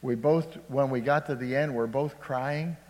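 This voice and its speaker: Preaching pastor in an echoing hall. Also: male voice, medium pitch, steady tone, unhurried. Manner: preaching with frequent "Amen?" calls, swinging from loud to hushed. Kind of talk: sermon. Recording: long hall reverb.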